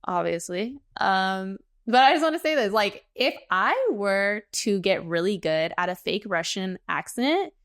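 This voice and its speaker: A woman's voice: mid-range voice, expressive, a little slow, few pauses, a bit bright, dry recording, clean studio sound. A young American woman co-hosting a podcast, ranting casually in a blunt, emphatic way and swearing freely. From United States. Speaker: podcast co-host.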